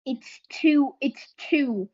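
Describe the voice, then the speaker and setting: A woman co-hosting in casual chat, hesitant and drawn-out with fillers. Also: sits high, a little mellow. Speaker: co-host. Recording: dull lo-fi sound.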